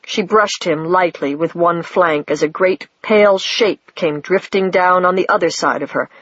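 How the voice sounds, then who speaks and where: An audiobook reader narrating a story in a measured, plain way. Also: medium pitch, a bit bright, no echo, dull audio. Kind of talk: scripted narration.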